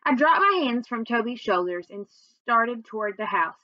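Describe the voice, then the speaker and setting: A woman's voice: a little high, animated, moderate pace, dry recording, muffled recording. A woman teacher reading chapters of a novel aloud to her students, summing up first with many fillers before reading on steadily. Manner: recaps with many fillers, then reads steadily.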